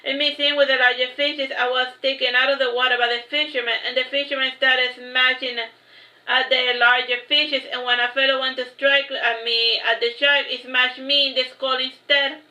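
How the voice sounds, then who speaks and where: A woman reading her own story aloud in the first person, slow and measured. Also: sits high, little pitch movement, pushed and bright. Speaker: author reading her book. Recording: echoey room, slightly dull sound.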